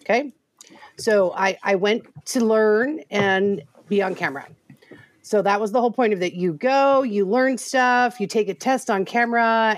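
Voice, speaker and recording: A woman who owns a small business, guesting on a casual chat show and briskly recounting an event. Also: mid-range voice. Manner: brisk, matter-of-fact storyteller.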